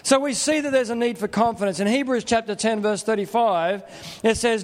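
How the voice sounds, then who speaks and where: Higher-voiced preacher in a hall. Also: male voice, brisk. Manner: conversational, earnest, plain-spoken. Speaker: pastor. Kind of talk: sermon.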